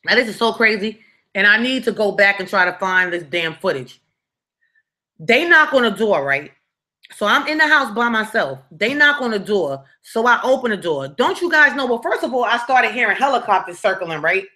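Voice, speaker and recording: Role: live story-time host. Sex: woman. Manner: animated, blunt, profane, keeps asking "right?". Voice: bright, forceful, mid-pitched. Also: moderate pace.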